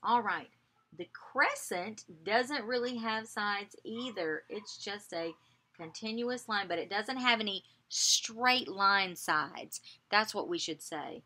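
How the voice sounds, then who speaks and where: A woman teaching young children in a video lesson, coaxing answers in a slow sing-song way and pausing for replies. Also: medium pitch, expressive, pushed and bright.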